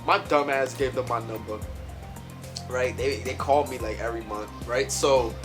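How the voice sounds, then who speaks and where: A man's voice: mid-range voice, steady tone, normal speed, over music, poor audio. A man hosting a reaction video, telling a story casually with many fillers and asides. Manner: rambling, lots of "right?" and "like".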